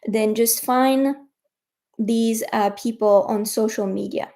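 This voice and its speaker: Slow, mellow-voiced French-accented woman. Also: fairly high pitch, steady tone. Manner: chatty, encouraging, addresses viewers directly. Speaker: French teacher and coach. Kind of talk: casual livestream teaching.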